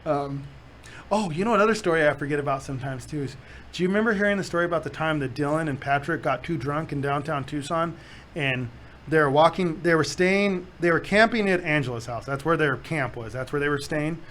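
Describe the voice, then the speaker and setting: A man's voice: a little high, a little fast, a little hiss or hum. A man, hosting a podcast and telling stories in casual chat, acting out quotes and laughing often. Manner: animated storyteller, acts out quotes, laughs often. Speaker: podcast host.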